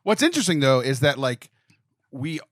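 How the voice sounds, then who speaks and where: A man's voice: mid-range voice, big pitch swings, moderate pace, no room sound, clean studio sound. A man hosting a podcast, chatting casually and teasing his co-host, and reading a sponsor spot. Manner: joking, teasing, laughs often. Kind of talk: casual chat and sponsor read.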